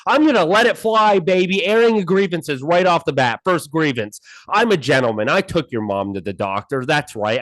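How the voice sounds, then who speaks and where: A man co-hosting a casual podcast over a call, ranting in mock anger and airing grievances. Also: fairly high pitch. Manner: ranting, mock-angry, animated. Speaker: podcast co-host. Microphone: remote call mic.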